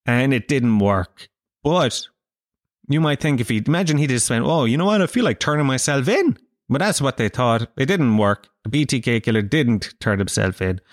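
A man's voice: mid-range voice, no echo, studio quality. A man with an Irish accent hosting a podcast, rambling through a crude comedic monologue, swearing freely and laughing at his own jokes. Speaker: podcast host.

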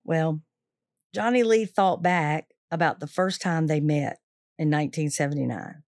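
A woman teacher retelling a true story to listeners, lively and acting out the quoted voices. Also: low voice, unhurried, no room sound, studio quality.

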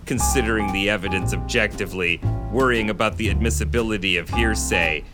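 Over music, a podcast co-host with a lowish voice reads a story and chats casually at a slightly fast pace. He's animated and breaks into laughter often while reading.

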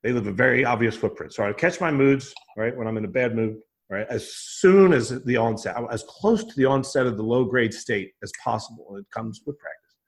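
A man's voice: medium pitch, lively intonation, brisk. A man explaining a mindset method in an emphatic, conversational way, often acting out his own inner voice and checking in with "right?". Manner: emphatic, repetitive, acts out his own thoughts in quotes; frequent restarts and "right?" tags.

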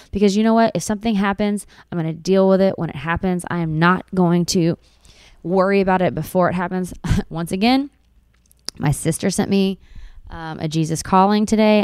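A young new mother speaks earnestly to her viewers in a heartfelt personal vlog, repeating lines for emphasis. Her voice is fairly low, a little mellow and smooth, recorded at studio quality with no room sound.

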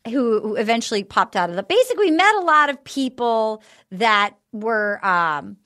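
A woman's voice: fairly high pitch, big pitch swings, normal speed, bright, forceful tone. A woman hosting a casual podcast chat, giggly and full of fillers as she recaps episodes. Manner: chatty, giggly, lots of fillers. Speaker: podcast host.

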